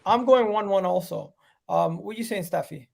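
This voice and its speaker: High-voiced dude hosting a football pod, chill, keeps the panel moving. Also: male voice, moderate pace, vocal fry. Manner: laid-back, steering the talk. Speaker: podcast host. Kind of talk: moderating casual panel chat.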